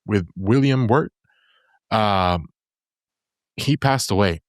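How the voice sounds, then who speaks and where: A man with a low voice tells a story to his podcast co-hosts in a loose, easygoing way, circling back and restarting his sentences as he goes. The sound is dry and close to the mic. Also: slow, dry recording. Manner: easygoing, rambling with fillers and restarts. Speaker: podcast presenter.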